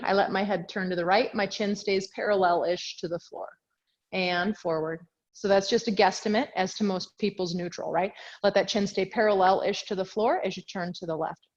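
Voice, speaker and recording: A woman's voice: medium pitch, muffled recording. A woman teaching a yoga class over a video call, talking in a chatty, self-correcting way and a little out of breath as she does the moves with the class. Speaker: yoga instructor. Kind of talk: guided yoga class cues. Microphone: video call mic.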